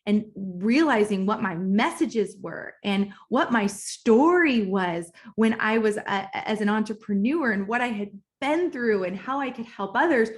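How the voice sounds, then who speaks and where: A woman's voice: mid-range voice, a little slow, hardly any pauses. A woman in her thirties speaks as a business coach, telling her own story for a recorded course lesson. Her talk is candid and conversational, with restarts and fillers. She grows emotional and emphatic as she gets to her sense of purpose. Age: 30s. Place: at home, kitchen nearby.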